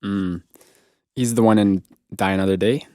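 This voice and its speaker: Deeper-voiced man host, playful and curious, dry close sound. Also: fairly even intonation, moderate pace, a little mellow, no echo. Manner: curious, playful, asks lots of questions. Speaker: host, English teacher in Ukraine. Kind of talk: casual interview chat.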